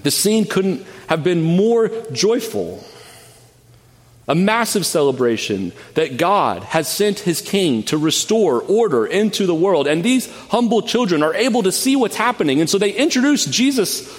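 A man preaches with earnest emphasis, his fairly high voice swinging widely in pitch. He often doubles back on his words mid-phrase. The sound carries a long reverb, as in a large church sanctuary. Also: big pitch swings, a little slow. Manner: earnest, emphatic preaching with frequent word repeats. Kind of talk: sermon.

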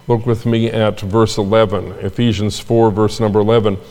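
A man's voice: fairly low pitch, flat delivery, moderate pace, darkish tone. An older man, a pastor, delivering a sermon in a conversational way, with asides and repeated phrases. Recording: long hall reverb.

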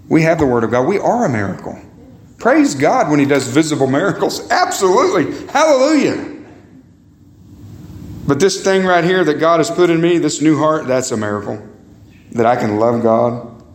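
A pastor's sing-song sermon unfolds at a moderate pace with long pauses, the sanctuary lending it a roomy sound. He's emphatic and repetitive, pitch swinging up and down, addressing everyone as "guys" and "beloved".

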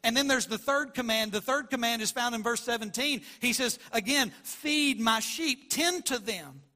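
A man preaching a sermon as a pastor, passionate, moving between hushed and loud delivery. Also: very high voice, expressive, moderate pace. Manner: passionate, shifts from quiet to loud.

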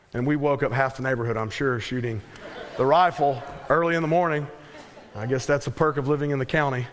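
A man in his thirties or forties preaching a sermon as pastor, earnest, dropping his voice low and slow on key words. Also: fairly bright tone, long reverb tail.

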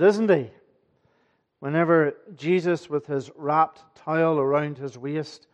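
Man, a pastor preaching in church; emphatic, questioning delivery, slightly high pitch, dull lo-fi sound. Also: darkish tone. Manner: earnest, emphatic, asks the congregation rhetorical questions. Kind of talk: sermon.

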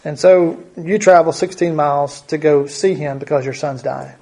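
A man's voice: on the high side, moderate pace, darkish tone, slightly rough. A man preaching a conversational Bible teaching, thinking aloud and often repeating his words.

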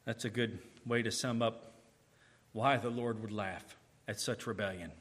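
A man preaching a sermon, emphatic, swinging between booming declarations and hushed, slow asides. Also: steady tone.

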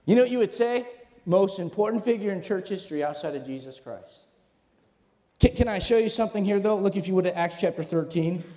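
In a church sanctuary, a pastor with a voice pitched high for a man preaches animatedly from the pulpit, talking a little fast and expressively. He throws questions at the congregation and climbs to shouts, each phrase trailed by long reverb from the hall.

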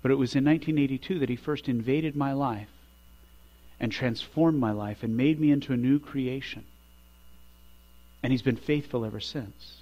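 A man's voice: normal speed, pauses often. Middle-aged male pastor preaching emphatically. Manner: emphatic, rising loud for emphasis then dropping low. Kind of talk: sermon. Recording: dull lo-fi recording with mains hum.

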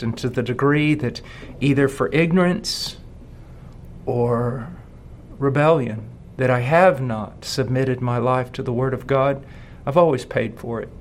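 A man in his forties preaching a sermon as pastor, asking rhetorical questions and slowing down to stress key words. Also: mid-range voice, a little hiss or hum.

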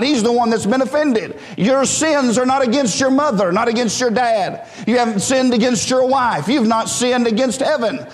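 Pastor, male, high tenor, fervent call-and-response preaching, reverberant church hall. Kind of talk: sermon. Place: church sanctuary.

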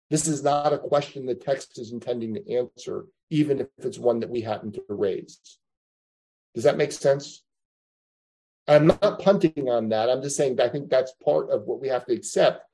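A man's voice: mid-range voice, dark tone, rough recording. A man teaching a Bible class, lecturing conversationally and thinking aloud with frequent asides to his students.

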